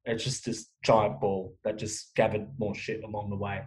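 A man's voice: on the low side, flat delivery, poor audio. Frank, cursing man. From Australia. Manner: frank, swears often, halting restarts. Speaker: guest. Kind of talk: candid interview talk.

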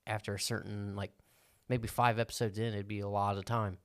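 A man's voice: fairly low pitch, level tone, fairly quick. A young man co-hosting a podcast in casual chat, joking, laughing often and tripping over his words. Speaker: podcast co-host.

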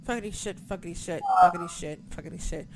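A woman chatting casually about a wrestling show, excitable, swearing a lot and losing track of names as she talks. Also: on the low side, fast. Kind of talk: casual chat.

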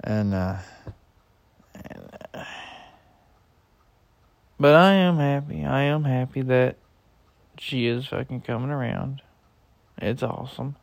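A man's voice: mid-range voice, slow, gravelly, long pauses, no echo. A young man venting in a profane personal rant, swearing heavily and griping in an exasperated way. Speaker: husband venting.

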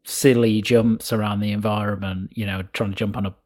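A man co-hosting a casual game chat, hesitant with many ums and trailing off quietly. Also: lowish voice, flat delivery, brisk. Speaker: podcast co-host.

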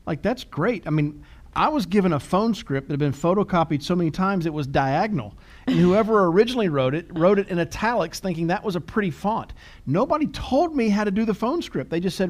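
A man's voice: high-pitched, expressive, brisk. A middle-aged man co-hosting a podcast, chatting casually and telling self-deprecating stories with frequent laughs. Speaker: podcast co-host.

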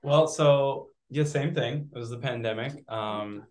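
A man from Canada with a mid-range voice speaks quietly as an actor guest in an interview. He hesitates and restarts his sentences often. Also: medium pitch, a little slow. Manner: soft-spoken, hesitant, many restarts. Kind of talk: casual interview chat.

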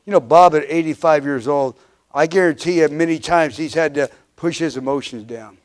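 A man's voice: on the high side, moderate pace. Fervent preacher man in his fifties. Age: 50s. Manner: emphatic preaching with repeated refrains, swelling and dropping in volume; frequent restarts and filler uhs. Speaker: pastor. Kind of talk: sermon.

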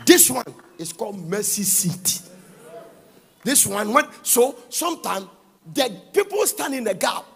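Man, preacher, gravelly, wildly animated voice, sing-song shouting sermon. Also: very high-pitched, measured pace. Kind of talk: sermon with Bible reading.

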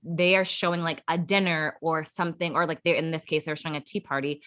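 A woman's voice: low voice, steady tone, quick pace, fairly bright tone, no echo, clean studio sound. A young woman in her twenties co-hosting a podcast, gossiping casually about reality TV and swearing. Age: 20s or early 30s. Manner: gossipy, mimics people, swears. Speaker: podcast co-host.

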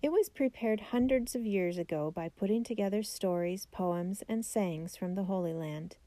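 A woman's voice: mid-range voice, moderate pace, warm tone, no echo, natural voice. A woman voicing a learned, devout elderly rabbi uncle in a storybook biography, her reading solemn and earnest.

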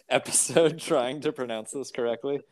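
A man hosting a podcast in casual chat, rambling and animated with restarts. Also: medium pitch, normal speed, crowd noise. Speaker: podcast host.

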